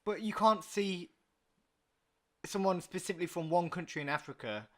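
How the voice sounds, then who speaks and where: A man's voice: moderate pace, fairly bright tone. Argumentative young Englishman in casual debate. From England. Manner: argumentative, rising in pitch and volume when pressing a point. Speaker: podcast co-host.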